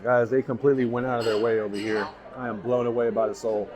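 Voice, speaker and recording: This man talks fast with hardly any pauses, his mid-range, slightly mellow voice showing little pitch movement. He vlogs a restaurant food review to camera, raving about each bite over busy crowd chatter.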